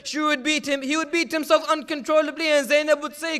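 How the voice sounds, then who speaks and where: An impassioned male preacher narrating a mourning sermon, his delivery building to shouts at the peaks. His voice is unusually high and bright, and it stays within a narrow, even pitch range. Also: fairly quick.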